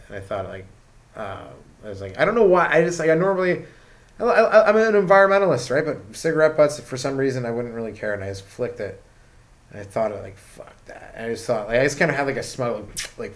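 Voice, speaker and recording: A man's voice: medium pitch, fairly bright tone. A young man from Canada, a stand-up comedian, rambling through a casual comedic rant full of swearing and "like" fillers.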